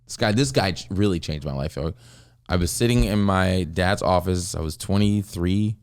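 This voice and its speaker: A man from the US with a deep, gravelly voice that stays resonant and full. He tells long stories in a relaxed, rambling way, with lots of filler words, as a guest on a casual podcast. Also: moderate pace, no room sound, clean studio sound. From United States. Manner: laid-back rambling storyteller, heavy on filler words. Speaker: guest comedian and actor.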